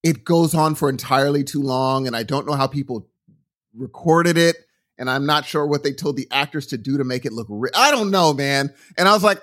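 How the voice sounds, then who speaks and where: A middle-aged man telling a story in casual podcast chat, rambling and animated, often restarting his sentences. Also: mid-range voice, fairly quick. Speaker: podcast co-host.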